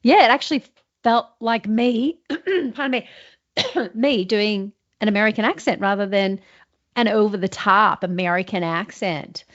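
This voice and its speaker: A woman's voice: medium pitch, a bit bright. Eager woman host being coached. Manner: eager, upbeat, quick affirmations. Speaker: show host and actor. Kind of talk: one-on-one coaching session. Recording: dull lo-fi recording.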